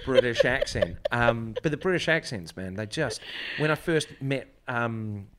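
A man's voice: mid-range voice, expressive, unhurried. A man in his forties with a New Zealand accent, chatting casually and telling anecdotes with plenty of hesitations. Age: 40s. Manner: anecdotal, hesitant with many fillers. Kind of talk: casual chat.

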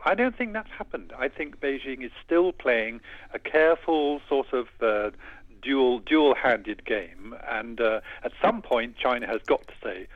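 A man speaking as a defense analyst in a radio news interview, explaining in a measured way with hesitant restarts. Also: medium pitch, lively intonation, dry recording, narrow, tinny audio.

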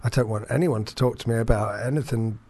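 Man in his thirties, mid-pitched, rambling anecdote delivery with loose fillers and self-mockery. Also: fast talker, warm tone. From England. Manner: rambling, self-deprecating, many fillers and restarts. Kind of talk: casual chat, anecdote.

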